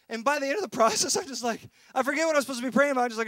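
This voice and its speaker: A male pastor preaches a passionate sermon in a very high, bright voice. He swings from ringing emphasis down to hushed, intense asides. The sound is dry and close. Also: lively intonation, very fast, hardly any pauses, no echo. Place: church.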